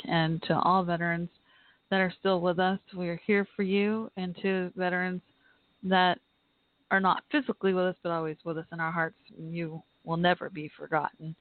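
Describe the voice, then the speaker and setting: A woman hosting a live podcast, talking in an earnest, heartfelt, halting way and reading aloud. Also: on the low side, little pitch movement, no echo. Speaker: podcast host. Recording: tinny phone-line audio, dry.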